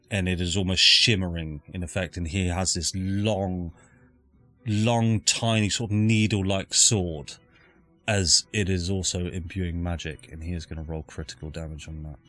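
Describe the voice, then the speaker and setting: A man's voice: deep voice, pushed and bright, no room sound. A man, narrating a live tabletop game as dungeon master and calling out rolls and damage.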